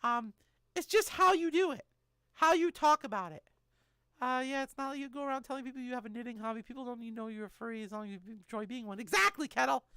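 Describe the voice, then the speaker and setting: A woman's voice: on the high side, fast talker, sharp tone, smooth, no echo. A woman in her thirties streaming live, chatting casually and joking as she answers chat messages.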